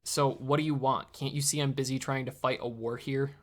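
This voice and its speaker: A man's voice: mid-range voice, little pitch movement, a little fast, natural voice. A young man playing an impatient, dismissive French emperor in a comedy sketch, curt and busy with war. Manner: curt, dismissive, muttering insults aside.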